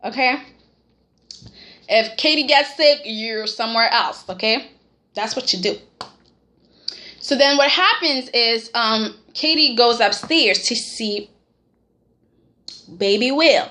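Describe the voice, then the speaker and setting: A woman casually recapping a soap opera episode in a vlog, animated and sassy, talking straight at the characters and tagging lines with "okay?". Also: a little high, slow, pauses often.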